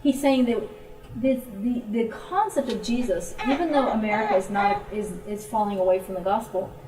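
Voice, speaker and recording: A woman missionary gives an informal talk to a church group, telling her stories and getting animated as she acts out her friends' voices. Her voice sits in the mid range at a normal speed, picked up from a distance in a roomy space.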